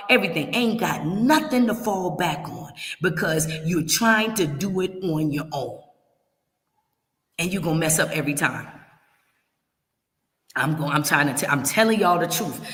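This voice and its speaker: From her home in Kenya, a woman hosting a relocation-advice livestream warns viewers emphatically and plainly, repeating her points. Her voice is on the low side and a bit bright, with roomy echo.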